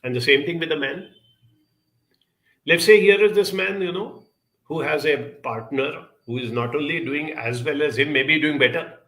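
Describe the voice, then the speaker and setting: A middle-aged man giving a motivational talk, telling personal stories in an earnest, animated way. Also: a little high, moderate pace, low-quality recording. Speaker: speaker.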